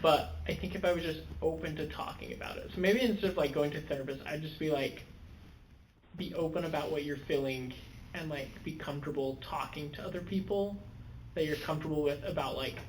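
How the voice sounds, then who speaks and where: Soft-spoken reflective young man. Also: on the high side, fairly quick, a little hiss or hum, rough recording. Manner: reflective, hesitant, searching for words. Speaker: podcast co-host. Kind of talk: casual podcast chat.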